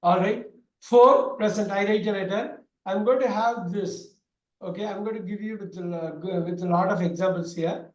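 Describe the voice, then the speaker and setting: A man teaches a grammar lesson online, loud and repetitive, with lots of fillers. His voice sits high for a man. The sound carries a noticeable room echo. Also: moderate pace, lo-fi sound. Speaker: English teacher. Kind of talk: online class lecture. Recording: echoey room.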